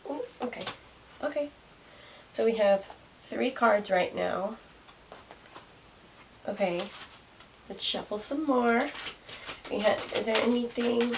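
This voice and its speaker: A woman's voice: on the high side, slow, creaky, long pauses. A young woman doing a casual tarot reading to camera, musing aloud and laughing at herself. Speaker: tarot reader. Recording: distant mic, faint noise.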